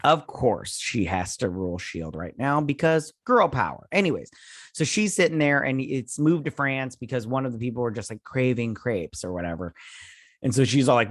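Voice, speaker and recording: A man's voice: mid-range voice, lively intonation, brisk, a bit bright, no echo, studio quality. A man hosting a show who recaps an episode in a casual, sarcastic and rambling way, full of filler words. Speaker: host.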